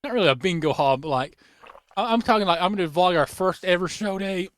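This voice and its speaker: Young guy hosting a podcast, kinda high voice, rambles a ton, voice a bit worn out. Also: a little fast. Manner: excitable, rambling, lots of fillers and restarts. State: losing his voice. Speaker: podcast host. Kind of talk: casual podcast chat.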